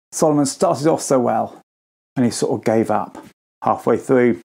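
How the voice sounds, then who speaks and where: A man gives a school assembly talk in a relaxed, gravelly voice with a dark, mellow tone. He tells the story informally to children, lifting his pitch sharply whenever he acts out what a character says. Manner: informal, acts out quoted lines with pitch jumps.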